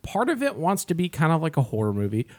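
A man's voice: fairly high pitch, wildly swooping pitch, quick pace. A man co-hosting a podcast, chatting casually about movies, often stumbling and repeating words as he rambles. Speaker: podcast co-host.

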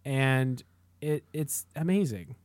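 A man co-hosting a podcast, chatting casually in a halting way, often repeating and restarting words. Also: medium pitch, a little mellow, no echo. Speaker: podcast co-host. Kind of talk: casual chat.

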